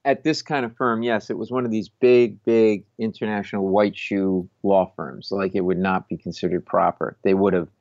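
A man's voice: fairly low pitch, fairly even intonation, moderate pace, few pauses, a little mellow, no echo. A man from Rhode Island, a comedian and former lawyer, telling a story casually with many restarts and self-mocking asides. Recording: dull lo-fi, dry sound.

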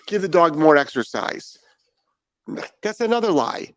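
A man's voice: a little high, sing-song, measured pace, a bit bright, no room sound. A man talking as a dog trainer in a podcast monologue, blunt and profane and firing off rhetorical questions.

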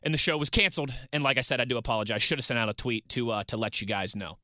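A man's voice: medium pitch, rapid-fire, bright, forceful tone, no room sound, studio quality. A man hosting a solo sports talk radio show, chatting and reading out listener messages. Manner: chatty, reads listener tweets and banters.

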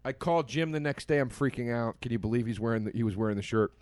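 A man's voice: medium pitch, fast talker, no room sound. A man at a podcast mic telling a story with a lot of energy, slipping into quoted lines without changing his voice much. His voice sits in an ordinary middle range. The sound is dry and close, with no room in it. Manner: animated storyteller, quotes people in his own voice, laughs often. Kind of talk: casual chat, storytelling.

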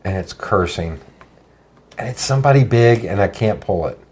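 A man with a fairly low voice chats as a guest on a podcast. He tells stories in a relaxed, easygoing way. He often pauses to search for names as he talks. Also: slightly rough. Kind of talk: casual chat.

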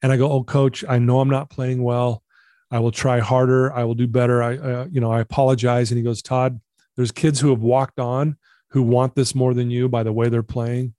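A man's voice: mid-range voice, level tone, normal speed, mellow, dry recording, clean studio sound. A middle-aged man, a guest in a conversation, earnestly telling a personal story and repeating himself for emphasis.

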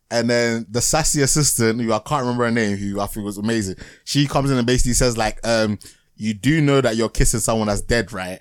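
A man's voice: mid-range voice, clear, resonant tone, dry recording. A man hosting a podcast, rambling through a TV show review in casual chat, laughing often and restarting his sentences. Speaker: podcast host.

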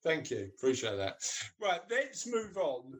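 A man's voice: on the high side, huge pitch swings, unhurried. Playful, teasing podcast host man. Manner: playful, teasing, laughs often. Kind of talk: casual chat.

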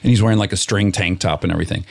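A middle-aged man telling a story in casual chat, animated and acting out what people said. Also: deep voice, racing, creaky. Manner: animated storyteller, acts out quoted shouting.

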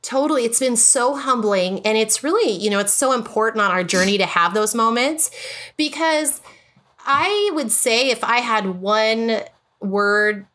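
A woman's voice: on the high side, lively intonation, unhurried, a bit bright. A woman, likely in her thirties, from the United States, talking earnestly and emotionally as a podcast guest, often restarting her sentences. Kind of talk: casual podcast conversation.

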